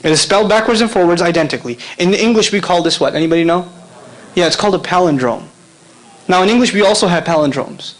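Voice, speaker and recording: Guy lecturing a crowd, kinda high voice, keeps asking the audience stuff and laughing. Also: rough recording. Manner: animated, asks the audience questions, laughs often. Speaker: Islamic lecturer. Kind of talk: lively lecture to a live audience.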